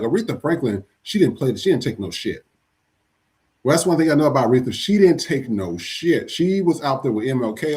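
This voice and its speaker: Male livestream host, mid-pitched, casual and rambling. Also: darkish tone. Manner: loose, chatty, frequent fillers and restarts. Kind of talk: casual chat reading viewer comments.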